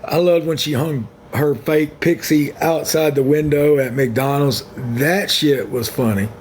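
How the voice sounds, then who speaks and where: This livestream host, a man with a voice on the high side, chats casually and rambles bluntly and frankly to viewers on a phone. His intonation is fairly even, his pace a little slow and his tone a little mellow, with a little hiss or hum.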